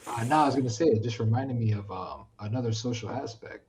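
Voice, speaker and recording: A man from the United States, a podcast guest chatting casually, who tells animated stories and acts out what people said. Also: mid-range voice, fast, slight background noise, poor audio. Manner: animated storyteller, acts out quoted speech. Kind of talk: casual chat.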